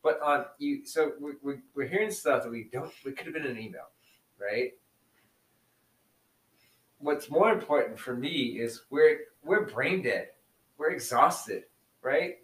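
A man's voice: mid-range voice, animated, measured pace, long pauses, fairly bright tone, distant mic. Roomy-sounding man telling classroom stories. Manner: storytelling, laughs easily. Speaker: teacher and podcast co-host. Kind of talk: casual chat. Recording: roomy echo, set back from mic.

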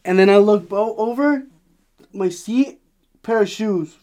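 A man, casually telling an animated, profanity-laden story on a podcast and laughing as he goes. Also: high voice, a little slow. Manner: animated, swears a lot, laughs while telling. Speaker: podcast host.

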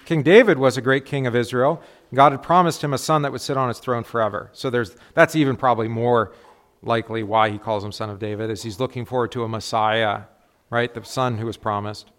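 A middle-aged man, a pastor, teaching a relaxed Bible class in a conversational way and often checking in with the group with quick tag questions. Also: medium pitch.

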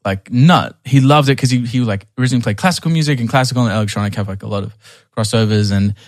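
A young man tells a long story in a relaxed conversation. He restarts his sentences and fills gaps with "like" and "um." His voice sits at a middle pitch and is recorded dry and close. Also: very fast, no room sound. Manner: rambling, many restarts and fillers. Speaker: podcast guest.

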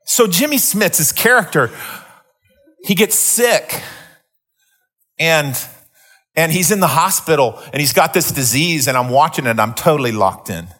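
A man's voice: on the high side, animated, measured pace, long pauses, fairly bright tone. A middle-aged man preaching a sermon, telling a story with many restarts before teaching. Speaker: pastor.

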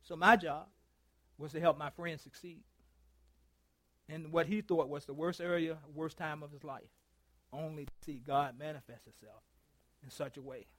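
A male pastor preaching a sermon, telling a story and acting out both sides of a phone call, calling for responses from his congregation and swinging from loud to hushed. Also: on the high side, fairly even intonation, moderate pace, long pauses, no echo. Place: church.

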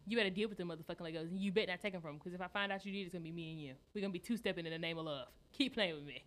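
A woman co-hosting a podcast, telling stories in loud, profane casual chat and laughing often. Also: lowish voice, racing. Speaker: podcast co-host.

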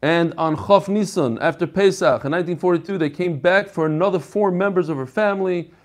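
A man with a fairly high voice leads a relaxed class. He chats and jokes, reads out messages from listeners, then moves on to the text. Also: brisk. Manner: chatty, joking, reads messages aloud. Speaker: rabbi teaching a Talmud class. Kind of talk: casual lesson with reading of emails.

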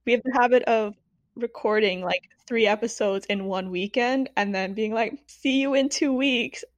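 Woman, podcast co-host, blunt, animated, a bit high, dry sound. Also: moderate pace, no echo. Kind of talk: casual podcast chat.

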